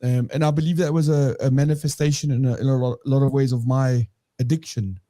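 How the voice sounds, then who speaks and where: A man's voice: medium pitch, steady tone, brisk, mellow. A man co-hosting a recovery podcast, talking in a rambling, self-correcting conversational way. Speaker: podcast co-host. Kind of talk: casual recovery discussion.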